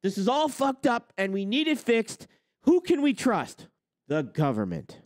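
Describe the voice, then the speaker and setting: A man's voice: very high voice, wildly swooping pitch, unhurried, no room sound. Guy ranting about stuff, super sarcastic, swears a lot, voice jumps all over, dry sound. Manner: heated, sarcastic, swears, mocks others in put-on quotes. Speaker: trucking channel host. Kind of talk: ranting opinion monologue.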